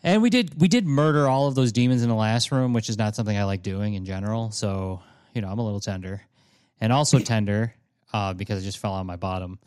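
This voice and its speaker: A man playing a tabletop role-playing game, halting and self-mocking as he speaks in character. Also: fairly low pitch, darkish tone, clean tone, no room sound, clean studio sound. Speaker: player. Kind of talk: in-character role-play chat.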